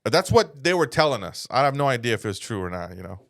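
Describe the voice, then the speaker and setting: A man's voice: mid-range voice, big pitch swings, fast talker, gravelly, no echo, studio quality. A man from San Antonio, Texas, telling rambling, profane stories as a comedian on a casual podcast. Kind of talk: casual storytelling chat.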